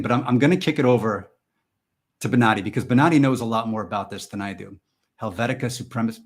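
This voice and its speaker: A man hosting a live stream and chatting with viewers in a goofy, rambling way, jumping from loud mock-indignant bursts to mumbled asides. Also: on the low side, fast talker. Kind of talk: joking live chat with viewers.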